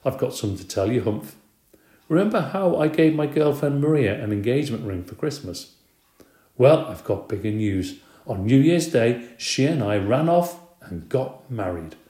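A man's voice: mid-range voice, expressive, normal speed, warm tone, echoey room, close to an everyday voice. A man voicing a friendly, cheerful school caretaker, talking in a hearty, casual way.

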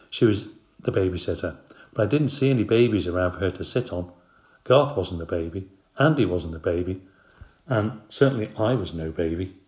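A man narrating a children's storybook in a lively, expressive way. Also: on the low side, echoey room.

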